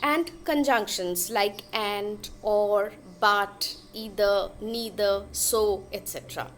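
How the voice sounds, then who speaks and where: A woman lecturer from India with an Indian English accent, explaining slowly and deliberately, with fillers and self-corrections. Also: mid-range voice, fairly bright tone. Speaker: college lecturer. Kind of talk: recorded lecture.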